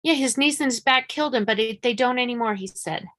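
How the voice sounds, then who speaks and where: Woman, psychic medium, live-stream chat; fairly high voice, frank and urgent, repeats for emphasis. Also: fast talker, fairly bright tone. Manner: frank and chatty, swears casually.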